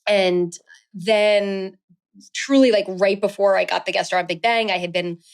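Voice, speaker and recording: Here a woman in her thirties, an actress, is a guest in a relaxed interview, her smooth mid-range voice moving at a measured pace. She's chatty and leans heavily on fillers such as "um" and "like."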